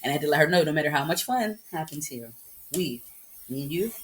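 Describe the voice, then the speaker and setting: A woman co-hosting a casual chat podcast. She talks in an animated, joking way and often breaks into laughter. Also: sits low, fast talker. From United States. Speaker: podcast co-host.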